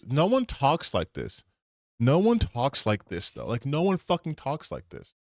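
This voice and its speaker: Sarcastic, animated man streaming. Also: mid-range voice, measured pace, dry recording, clean studio sound. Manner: sarcastic, incredulous, repeats himself for emphasis. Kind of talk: casual reaction commentary.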